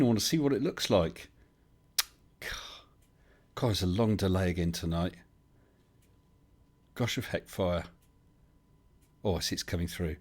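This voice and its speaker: A man's voice: low voice, unhurried, pauses often. A man, hosting a casual live stream and chatting his way through viewer comments with lots of fillers and restarts.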